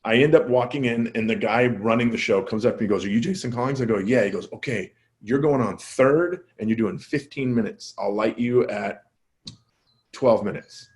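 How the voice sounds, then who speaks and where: A male comedian telling a story as a podcast guest, casual and self-deprecating, acting out quoted dialogue with his voice jumping up and down. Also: moderate pace. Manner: animated, acts out quoted dialogue with jumps in pitch.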